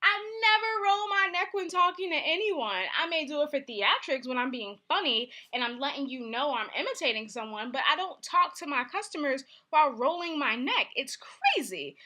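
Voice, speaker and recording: A young woman tells a story straight to the camera in a casual vlog, animated and candid, acting out what people said. Her voice sits a little high and has a bright, sharp edge. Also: normal speed, hardly any pauses. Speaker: vlogger.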